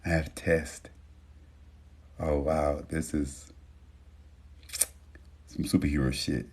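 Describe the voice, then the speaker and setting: Deep voiced guy on a live stream, swearing casually, calling everyone y'all. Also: flat delivery, slow pace, breathy edge. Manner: loose, profane, addresses viewers as y'all; reads viewer names with warm affirmations. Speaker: livestream host. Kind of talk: casual livestream chat.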